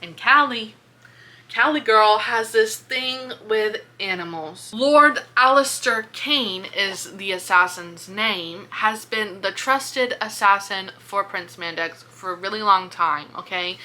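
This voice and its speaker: A woman casually retelling a book's plot in a video review, chatty and animated, swearing and filling with "like". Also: mid-range voice, slow pace. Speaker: book reviewer. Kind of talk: casual book-review vlog.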